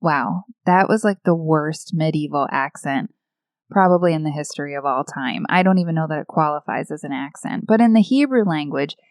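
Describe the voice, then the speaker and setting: A woman's voice: deep voice, fairly quick, darkish tone, no room sound, clean studio sound. A woman hosting a podcast, telling a devotional story in a playful, self-deprecating way from a script. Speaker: podcast host.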